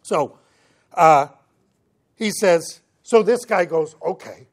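A man preaching a sermon to his congregation, who often checks in with the listeners and breaks into lively voices for the people in the story. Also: high voice, takes it slowly. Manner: animated preaching, acts out the voices of the figures in the story; checks in with the listeners, asking "right?" again and again. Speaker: pastor.

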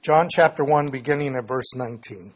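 A man's voice: medium pitch, fairly quick. A man teaching a Bible study lesson, reading scripture passages aloud and explaining them plainly, often correcting himself as he goes.

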